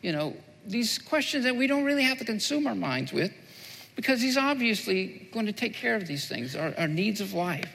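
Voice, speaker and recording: A man's voice: high-pitched, very animated, normal speed, vocal fry, fairly bright tone, big-room sound. A male pastor preaching a sermon, repeating key phrases and building to fervent emphasis.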